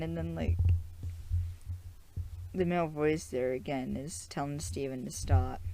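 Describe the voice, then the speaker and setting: A woman's voice: extremely low pitch, mellow, slight background noise. A young woman hosting a podcast, giving a chatty, rambling episode recap full of "like"s. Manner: chatty, rambling, with frequent "like" and restarts. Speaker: podcast host.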